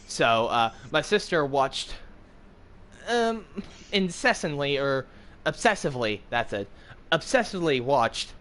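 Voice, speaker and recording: A man's voice: on the high side, very animated, measured pace, a bit bright. Rambling young American man. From United States. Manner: rambling, full of fillers, jokey. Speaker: gaming streamer. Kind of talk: casual chat while gaming.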